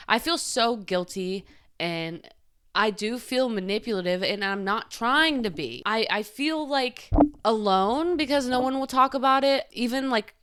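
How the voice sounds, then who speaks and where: A young woman talks through a confessional podcast monologue, open and emotional, dropping "like" all over. Her voice sits a little high and comes across bright and very clear. It sounds personal and unpolished rather than scripted. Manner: confessional, heavy use of "like", emotional. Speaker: podcast host.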